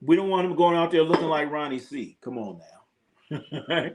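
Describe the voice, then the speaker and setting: A man's voice: fairly high pitch, moderate pace. A man hosting a casual sports livestream. He reads out viewer comments, rambles, repeats himself, swears and laughs often. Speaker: sports talk livestream host. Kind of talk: casual live-stream chat reading viewer comments.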